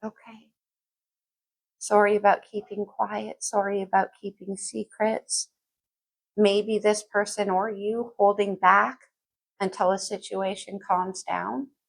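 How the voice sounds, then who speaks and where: A woman with a husky, gravelly voice reads tarot cards in a loose, chatty way. She thinks out loud as she turns each card over and sometimes half-sings a line. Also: mid-range voice, little pitch movement, takes it slowly, low-quality recording. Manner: chatty, thinks aloud, sings lyrics softly. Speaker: tarot reader. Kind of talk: casual tarot reading.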